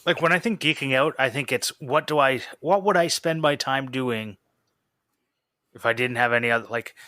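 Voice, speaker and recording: A man's voice: mid-range voice, normal speed, pushed and bright, no room sound, clean studio sound. A young man hosting a casual podcast chat, rambling a little as he reads out listener questions. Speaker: podcast host.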